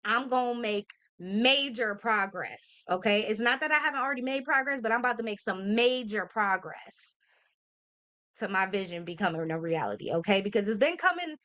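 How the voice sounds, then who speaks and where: A woman's voice: medium pitch, lively intonation, normal speed, pushed and bright. Earnest woman in her thirties, motivational vlog. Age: 30s. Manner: earnest, emphatic, addresses listeners directly with "y'all" and "okay?"; casual speech with slang and fillers. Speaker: motivational vlogger. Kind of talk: heartfelt motivational talk to camera.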